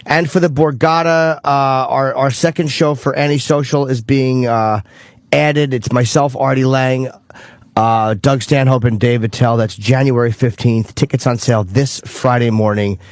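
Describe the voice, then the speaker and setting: A comedian co-hosting a radio show gets in dry, sarcastic jabs in a mid-pitched man's voice. The sound is close and dry, straight off a studio mic. He plugs his gigs in the same offhand tone. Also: fairly even intonation, moderate pace, no echo. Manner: wry, sarcastic quips. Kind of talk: casual radio talk.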